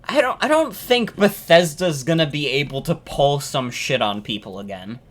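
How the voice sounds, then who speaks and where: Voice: mid-range voice, animated, moderate pace. Profane ranting game streamer. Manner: profane, ranting, repeats themselves. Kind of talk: casual live-stream reaction chat.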